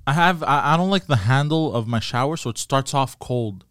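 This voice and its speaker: Man, easygoing guest, mid pitched, smooth and dry sound, hesitant delivery. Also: brisk, a bit bright, dry recording. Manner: hesitant, agreeable, says yeah a lot. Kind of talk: casual comedic chat.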